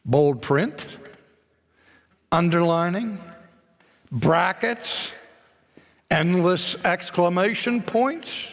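A man preaching a sermon, deliberate and emphatic, rising to shouts on key words. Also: high-pitched, animated. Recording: long reverb of a large hall.

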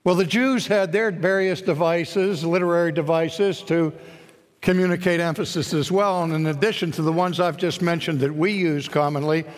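A man preaching a sermon, deliberate and emphatic, rising to shouts on key words. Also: fairly high pitch, fairly even intonation. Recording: long reverb of a large hall.

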